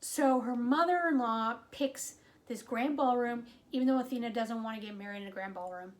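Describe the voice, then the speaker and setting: Chatty higher-voiced woman reviewing a movie. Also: moderate pace. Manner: animated retelling, exasperated asides, frequent "like".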